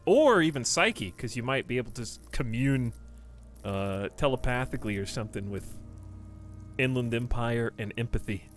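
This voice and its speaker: A man's voice: mid-range voice, animated, normal speed. A man streaming a game, rambling casually and talking straight to his chat. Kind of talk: casual livestream chat while playing a game.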